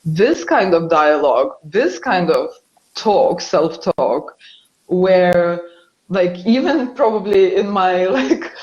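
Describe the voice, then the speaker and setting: A woman in a casual, reflective conversation, talking in a halting, searching way with many fillers and restarts. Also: lowish voice, lively intonation, darkish tone, reverberant, dull audio. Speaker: guest or co-host in a spiritual conversation.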